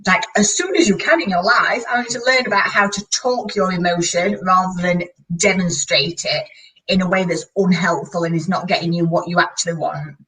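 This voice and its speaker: A woman's voice: fairly low pitch, a little fast, fairly bright tone, distant mic, rough recording. A woman co-hosting a live coaching session, talking in a chatty, conversational way. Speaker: co-host coach. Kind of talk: casual chat.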